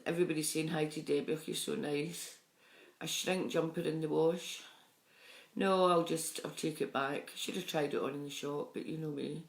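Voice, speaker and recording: A middle-aged woman, chatting on a live stream and warmly greeting viewers by name. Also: low-pitched, fairly even intonation, normal speed, gravelly. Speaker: psychic medium streaming live. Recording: echoey room sound.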